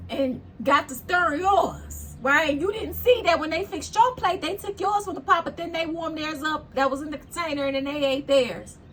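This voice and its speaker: Blunt high-voiced woman tarot reader. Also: normal speed, hardly any pauses, slight background noise. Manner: blunt, preachy, swears freely. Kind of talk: casual spiritual tarot reading.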